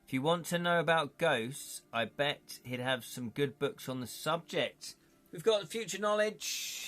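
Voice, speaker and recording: A man hosts a live stream, reading through a gamebook while chatting casually, joking with viewers, talking to chat and laughing often. His voice is fairly high, animated, unhurried and fairly bright.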